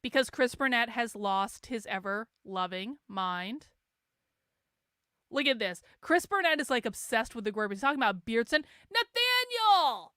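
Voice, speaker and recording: A woman's voice: on the high side, moderate pace, sharp tone, clear, resonant tone, no room sound, studio quality. A woman host talking casually and animatedly on her livestream, laughing often and admitting she is hungover. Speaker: show host.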